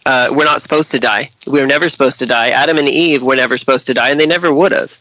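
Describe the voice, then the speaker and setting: A man's voice: medium pitch, steady tone, fast, pushed and bright, no room sound, low-quality recording. A male guest author arguing his points passionately in a casual conversation. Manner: passionate, argumentative.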